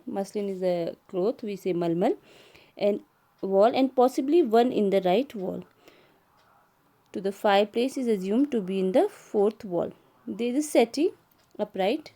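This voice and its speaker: A woman's voice: mid-range voice, warm tone. A woman teacher, reading a play to her class and rephrasing each line in simple words.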